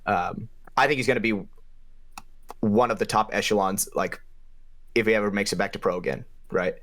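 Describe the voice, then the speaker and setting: A young man with a fairly low voice tells a paintball story on a podcast. He talks loosely and swears a lot, and his pitch leaps up whenever he hits a punchline. His delivery is casual and fired-up. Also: moderate pace. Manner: animated, profane, pitch jumps up for emphasis. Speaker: podcast co-host and paintball player.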